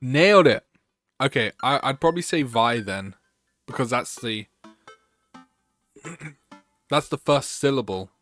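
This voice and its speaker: A man's voice: mid-range voice, lively intonation, measured pace, pauses often, a bit bright, faint music behind. A man streaming a game, reading its text aloud and chatting with his viewers. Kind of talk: gaming livestream chat.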